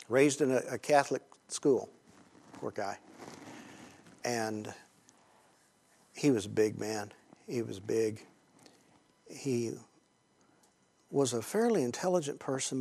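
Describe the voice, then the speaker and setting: A man preaching to a group in a storytelling sermon, conversational and halting, with many pauses and fillers, swinging between hushed and loud emphasis. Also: medium pitch. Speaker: Christian teacher speaking to a group.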